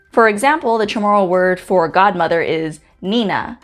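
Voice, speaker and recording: A woman from Guam hosting a pronunciation lesson, saying each letter slowly and carefully with example words. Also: medium pitch, animated. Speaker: host teaching the Chamorro alphabet. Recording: faint music in the background.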